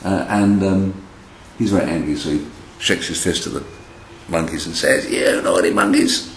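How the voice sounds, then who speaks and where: A man with a low voice and moderate pace tells a children's story indoors, showing off felt figures on felt boards. He chats animatedly and speaks directly to the children, amid roomy echo and a faint background hiss.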